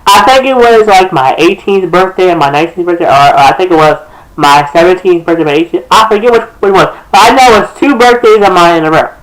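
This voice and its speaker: High-voiced sassy young man. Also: fast talker, fairly bright tone, low-quality recording. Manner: sassy and chatty, calls people girl, many restarts. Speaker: musician breaking down his own lyrics. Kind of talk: casual rambling commentary to camera. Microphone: camera facing him.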